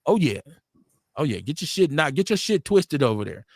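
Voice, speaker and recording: A man's voice: on the high side, big pitch swings, normal speed, a little mellow, no echo, studio quality. A middle-aged man from Milwaukee hosting a casual live-stream talk show, telling street stories with blunt, profane slang. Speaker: radio show host.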